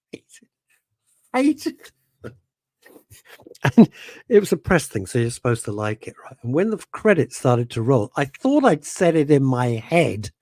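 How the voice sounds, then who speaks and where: A man's voice: medium pitch, darkish tone, breathy edge, no echo, studio quality. A middle-aged man hosting a radio show, chatting casually in a rambling, self-interrupting way and reading out listener messages.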